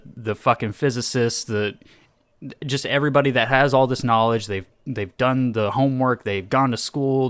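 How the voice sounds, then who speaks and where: A man's voice: mid-range voice, a bit bright, clean tone, dry recording. A young man co-hosting a podcast, telling stories in casual chat in an exasperated, swearing tone. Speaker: podcast co-host.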